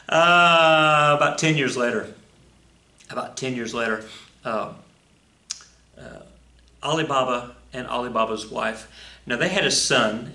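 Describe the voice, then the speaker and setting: A man's voice: mid-range voice, vocal fry, bright, forceful tone. A man, a teacher, casually telling a story to his students, loose and playful with asides. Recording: roomy echo.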